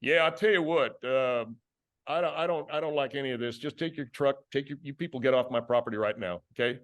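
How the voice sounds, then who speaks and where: A man voicing a gruff, curt Mexican-born property owner with a Southern US accent. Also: medium pitch, brisk, lightly acted. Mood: hostile. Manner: curt, hostile.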